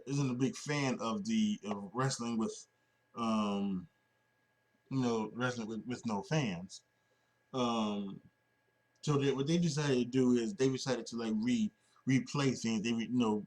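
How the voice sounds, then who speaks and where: A man's voice: mid-range voice, darkish tone. A man hosting a solo wrestling podcast, talking casually and rambling with many restarts and fillers. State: sleepy, yawning.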